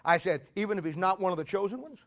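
A man with a very high voice preaches a sermon, fast and animated. His style is folksy and conversational; he jokes with the congregation and bursts into emphatic shouts to drive points home.

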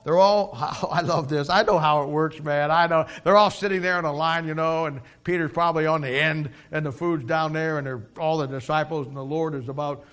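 Folksy, animated male preacher. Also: fairly high pitch. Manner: reads scripture in slow, solemn tone. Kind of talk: sermon.

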